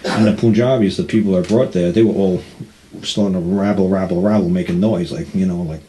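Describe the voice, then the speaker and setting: A man's voice: sits low, fairly even intonation, fairly quick, background noise. A man telling a rambling, blunt story in a casual way and acting out the people he quotes.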